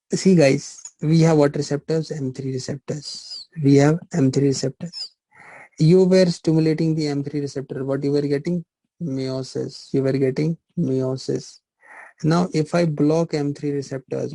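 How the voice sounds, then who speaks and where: A middle-aged man teaches pharmacology in a live online class. His voice sits a little high but stays flat and mellow. The recording is dry and close. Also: vocal fry, dry recording, rough recording. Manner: repetitive, asks rhetorical questions, teasing. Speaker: pharmacology lecturer.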